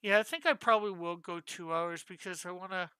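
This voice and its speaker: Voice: mid-range voice, brisk, sharp tone, clean tone, no room sound. A comic artist chatting casually with viewers on a live stream while drawing, thinking aloud and asking their advice.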